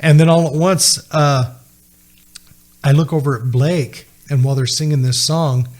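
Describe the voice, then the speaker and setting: A man's voice: on the high side, fairly even intonation, moderate pace, a little mellow. A middle-aged man telling a personal story as a podcast guest, acting out the voices of the people he quotes.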